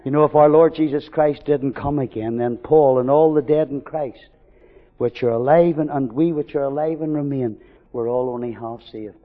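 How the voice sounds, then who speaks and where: A man preaching a sermon, swinging from loud fervent declarations to hushed storytelling. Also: mid-range voice, normal speed. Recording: dull recording with long hall reverb.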